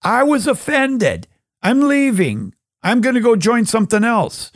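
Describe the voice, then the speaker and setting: Petulant, whiny stones sulking off in a high-pitched huff, as a man puts them on while telling a story. the voice leaps well above his usual talk, and the recording is close and dry. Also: very animated, measured pace, no room sound, full character voice. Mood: sulky. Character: sulky offended living stones walking away.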